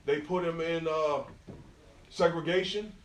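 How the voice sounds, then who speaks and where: A man's voice: on the high side, measured pace. A man from New York with a New York accent, telling stories in slang to an audience at an artist talk. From New York, USA. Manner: street slang, animated storytelling with quoted dialogue. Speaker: guest speaker at an artist talk. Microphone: phone recording from the audience. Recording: distant phone recording.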